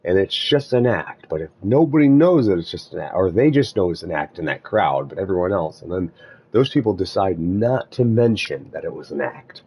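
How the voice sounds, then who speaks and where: A man musing aloud in a meandering spiritual monologue, halting often and restarting his thoughts. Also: low voice, big pitch swings, darkish tone, breathy edge.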